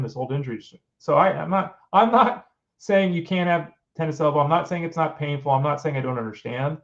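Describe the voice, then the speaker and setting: A man's voice: a little high, gravelly. Exasperated middle-aged man, dull lo-fi sound. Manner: exasperated, fires off rhetorical questions. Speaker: fantasy sports show host. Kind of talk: casual opinionated commentary.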